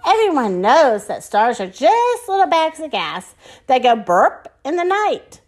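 A woman's voice: sits high, very animated, measured pace, pitched above the performer's own voice. A woman reading aloud and voicing a fussy, vain female cow who frets and chatters.

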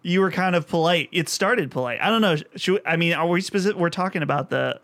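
A man with a notably high voice hosts a relaxed podcast conversation. He talks in a lively, joking way and keeps poking fun at his friends. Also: quick pace. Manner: lively, jokey, mimics others in a put-on friendly voice. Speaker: podcast host. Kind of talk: casual chat.

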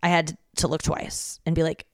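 A woman's voice: deep voice, flat delivery, moderate pace, no echo. A woman hosting a comedy podcast alone, rambling casually from home with plenty of swearing and acted-out conversations. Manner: rambling and profane, acts out conversations. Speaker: podcast host. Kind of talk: casual solo comedy monologue.

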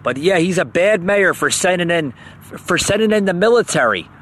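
A man's voice: high voice, animated, normal speed, fairly bright tone, a little hiss or hum. A man hosting a podcast, ranting in an agitated, sarcastic way and stammering over repeated words. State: heated up. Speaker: podcast host. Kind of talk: heated political rant.

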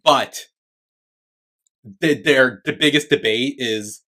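This co-host speaks in a medium-pitched, sharp-toned voice at a slow pace. Over a remote call from separate homes, he rambles through a story on a casual podcast, swearing and leaning on fillers.

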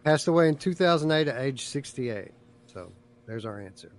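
A man's voice: mid-range voice, lively intonation, normal speed. Guy cohosting a live game stream, mid voice, short dry teasing answers. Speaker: podcast co-host. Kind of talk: casual live-stream chat.

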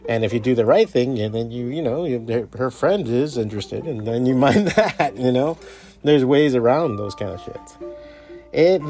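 Blunt, profane male podcast host. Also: a little mellow. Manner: profane, blunt, pep-talk delivery; acts out quoted voices with jumps in pitch. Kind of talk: casual motivational monologue.

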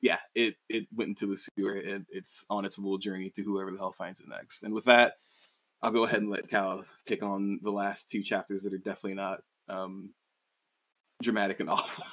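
A man co-hosting a podcast in casual chat, laid-back and quick to laugh. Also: low-pitched, level tone, fairly bright tone. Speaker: podcast co-host.

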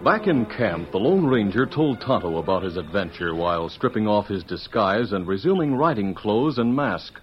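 A man's voice: fairly low pitch, big pitch swings, moderate pace, few pauses. A man narrating a radio drama with dramatic, tension-building delivery. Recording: muffled old radio recording with music. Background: music.

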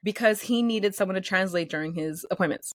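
Woman guest, casual interview chat; lively, filler-heavy delivery, close dry mic. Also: medium pitch, brisk, no room sound. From United States, first-generation Salvadorian. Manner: animated, chatty, many fillers, acts out quotes.

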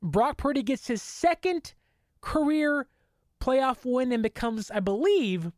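Woman fan host, excitable and rambling, slightly high voice, dry recording. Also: slow, no room sound. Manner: excitable, rambling fan talk with many fillers; mock voices for quoted people. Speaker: sports podcast host. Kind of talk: casual sports commentary.

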